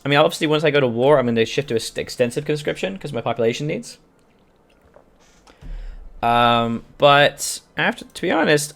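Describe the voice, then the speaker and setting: A man's voice: fairly high pitch, vocal fry, a bit bright. A man casually commenting on his strategy game as he plays, swearing freely and answering questions from his live chat. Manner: chatty, profane, reads out chat questions. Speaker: video game streamer.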